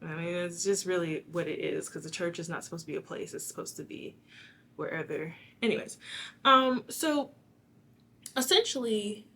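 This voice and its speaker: A young woman giving a casual tarot reading, rambling and chatty with a slightly raspy, hoarse voice. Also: fairly low pitch, normal speed, fairly bright tone, a little hiss or hum. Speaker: tarot reader.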